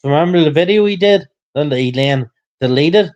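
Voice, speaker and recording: A man's voice: a little high, animated, moderate pace, a little mellow, lo-fi sound. A man hosting a casual livestream chat, rambling and repeating himself, getting heated.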